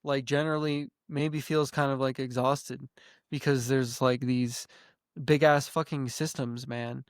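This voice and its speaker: A man's voice: medium pitch, flat delivery, unhurried, clean tone, no echo, studio quality. A man co-hosting a podcast, musing in an earnest way, hedging often and swearing casually. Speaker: podcast co-host. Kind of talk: casual chat.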